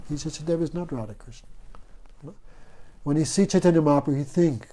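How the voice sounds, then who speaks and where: Slightly high and dark in tone, this male voice goes a little fast, with a little hiss or hum present. He's a spiritual teacher using stories in a devotional class, often asking listeners "no?".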